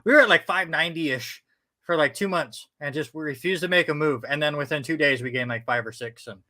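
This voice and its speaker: Bright-voiced joking sports show host. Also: male voice, a little high, fairly quick. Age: middle-aged. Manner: joking, self-deprecating, chatty. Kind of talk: casual sports talk show banter.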